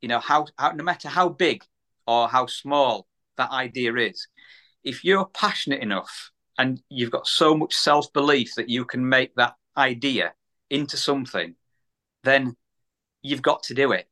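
A man's voice: medium pitch, measured pace, bright, forceful tone. A man from the UK, a small business owner, telling a story in a casual podcast chat, repeating words and acting out the voices of people he quotes.

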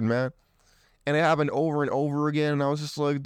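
A young man with a smooth, fairly high voice talks bluntly through a list on dating, throwing out provocative opinions as a show host. The sound is dry and close, with no room around it. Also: little pitch movement, quick pace, no room sound. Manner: blunt, provocative, slips into mocking voices for others. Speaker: podcast host. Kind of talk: opinionated commentary reading a list.

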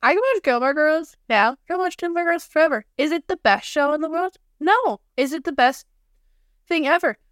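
A young woman co-hosting a podcast in casual chat, animated and quick to act out little quoted lines. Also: high voice, no echo, studio quality. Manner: chatty, animated, quotes herself in voices. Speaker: podcast co-host.

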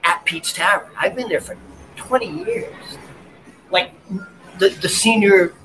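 A man, a waiter, telling a wild story in a casual chat, animated, laughing and restarting as he acts out quotes. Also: sits high, measured pace, a little hiss or hum, low-quality recording. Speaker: guest, waiter. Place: bar.

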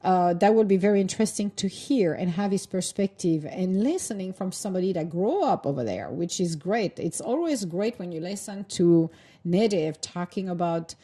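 Chatty woman host, mellow voice. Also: on the low side, lively intonation, normal speed, breathy edge. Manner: rambling, chatty, laughs often, loose grammar. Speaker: host of a live audio talk room. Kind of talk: casual chat.

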